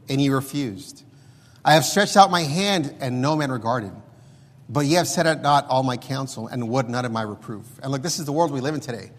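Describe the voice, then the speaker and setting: A man's voice: medium pitch, big-room sound. A man preaching a sermon, reading scripture aloud in an emphatic, pleading way.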